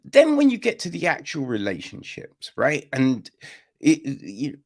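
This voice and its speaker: A man's voice: mid-range voice, measured pace, creaky. A man reviewing a film on a podcast in casual, profane chat, often asking his listener if they follow. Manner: animated, profane, keeps asking "you know what I mean?".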